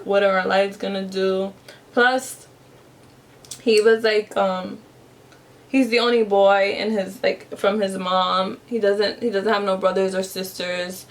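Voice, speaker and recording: A young woman chats to her camera at home with a gravelly, fry-edged voice. She tells a story while doing her makeup, rambling, circling back and restarting her sentences. Her pitch sits in the ordinary middle for a woman. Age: young adult. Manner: rambling, many fillers and restarts. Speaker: vlogger.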